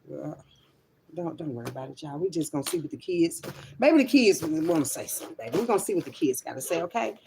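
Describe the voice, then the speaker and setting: In a low voice with big pitch swings, vocal fry and a quick pace, a woman delivers a loose livestream monologue with background noise behind her. This spiritual reader is blunt, curses freely, and addresses listeners as child and honey.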